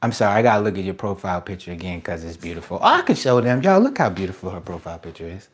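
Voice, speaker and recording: A man streaming live as an artist, giving excited shout-outs to viewers in casual slang, then turning soft and reflective. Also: sits low, rapid-fire. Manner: drops to a soft, quiet reflective tone. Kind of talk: casual livestream chat.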